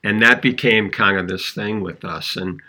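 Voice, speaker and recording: A man co-hosting a podcast, chatting casually and telling stories in an animated way. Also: fairly low pitch, normal speed. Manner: animated storyteller, chuckles while recounting funny stories. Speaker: podcast co-host. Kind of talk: casual conversational podcast chat.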